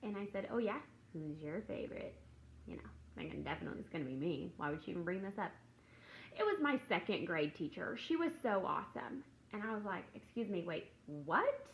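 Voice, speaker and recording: Chatty woman with a gravelly voice. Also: fairly low pitch, very animated, brisk, a little hiss or hum, poor audio. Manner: chatty storytelling, acts out classroom dialogue. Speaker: teacher and Christian video host. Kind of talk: casual devotional talk to camera.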